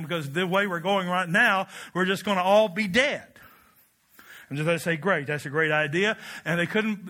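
A man preaching a storytelling sermon in an animated, joking way, swinging up to excited shouts. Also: sits high.

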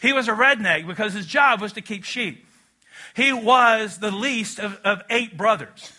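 Bright high-voiced preacher, conversational. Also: male voice, a little slow. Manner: conversational preaching with audience call-and-response. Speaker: pastor. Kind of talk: sermon. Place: church auditorium.

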